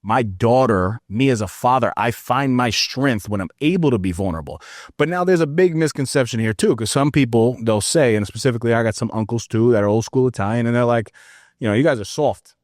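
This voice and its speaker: A man in his thirties, a podcast guest, telling stories in an earnest, animated way and calling the listener brother. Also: medium pitch, brisk, dry recording, studio quality. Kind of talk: casual interview chat.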